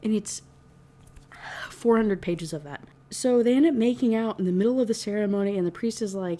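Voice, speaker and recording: Young woman, mellow voice, casual book-review rant, exasperated and sweary. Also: medium pitch, normal speed. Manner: exasperated, profane, heavy use of "like".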